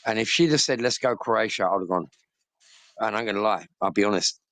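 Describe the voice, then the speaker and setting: A middle-aged Englishman in a loose, rowdy chat, swearing freely as he tells his stories. His voice sits on the low side. The sound is dry, with almost no room on it. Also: animated, fairly quick, a bit bright, no echo. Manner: boisterous, heavy swearing, storytelling. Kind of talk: casual chat.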